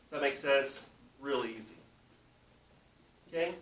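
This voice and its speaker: A man's voice: medium pitch, measured pace, fairly bright tone. A man teaching a class, explaining step by step and often checking that students follow. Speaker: language teacher. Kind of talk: classroom lesson. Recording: roomy, distant, faint background noise.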